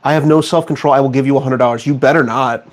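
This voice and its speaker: A man's voice: mid-range voice, steady tone, quick pace. A man streaming from his home studio, bantering with chat in a sarcastic, mock-outraged and self-mocking way. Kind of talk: casual live-stream chat.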